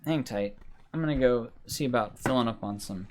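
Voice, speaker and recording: A man's voice: medium pitch, normal speed, a little hiss or hum. A man giving casual, rambling commentary while live-streaming a racing game, grumbling and swearing at it. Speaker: livestreamer.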